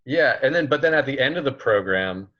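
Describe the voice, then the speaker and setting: A man in his twenties telling a story as a guest on a casual podcast, chatty and relaxed, full of fillers like "like" and "you know". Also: mid-range voice, fairly quick. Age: 20s. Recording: slightly muffled lo-fi recording.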